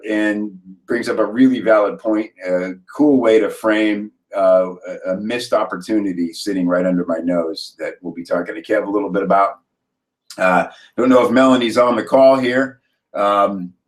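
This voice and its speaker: A man hosting a live group call, talking in a casual, upbeat, rambling way with many fillers and restarts. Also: sits low. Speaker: host of a copywriting members' call.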